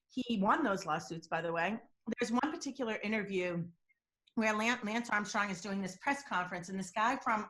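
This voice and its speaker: A woman guest explaining deception cues in an interview, telling animated stories and acting out quotes. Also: mid-range voice. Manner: animated storytelling, acts out quotes. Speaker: body language and deception expert guest. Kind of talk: interview answers with examples.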